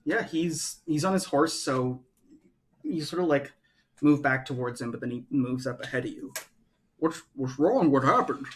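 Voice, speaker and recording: A man's voice: mid-range voice, fairly even intonation, moderate pace. A man narrating as game master, rambling and loose with many fillers.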